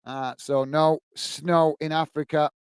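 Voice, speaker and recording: Uk guy hosting a footy stream, slightly high smooth voice, bit out of breath, dry close mic. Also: level tone, takes it slowly, no echo. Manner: chatty, friendly, frequent fillers and greetings to viewers. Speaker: football watch-along host. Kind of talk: casual live-stream chat reading viewer comments.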